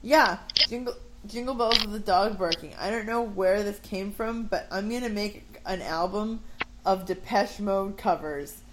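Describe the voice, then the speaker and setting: A woman's voice: medium pitch, unhurried. A woman in her twenties chatting casually on a podcast, telling stories full of "like" asides. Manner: animated storyteller, fillers like "like". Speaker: podcast co-host. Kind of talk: casual chat. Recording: faint background noise.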